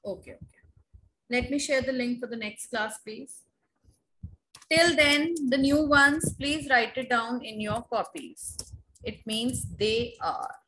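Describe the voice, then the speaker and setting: A woman with an Indian accent teaching a French class online, repeating drills slowly for students to echo over a video call. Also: a little high, a bit bright, slight background noise. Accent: Indian English.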